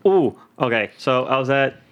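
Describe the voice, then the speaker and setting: Animated man in casual podcast banter. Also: mid-range voice, normal speed, highs cut off. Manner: jokey, animated storyteller who slips into silly voices. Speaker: podcast co-host. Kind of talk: casual chat.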